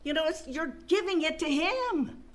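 A woman's voice: extremely high pitch, lively intonation, normal speed. A woman preaching a sermon and reading scripture aloud, stressing her points by repeating phrases.

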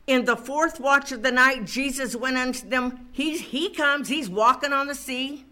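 A woman's voice: sits high, measured pace, sharp tone. A woman preaching a sermon, asking the congregation questions and building to fervent calls to press on. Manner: preaching with rising fervor and call-and-response questions.

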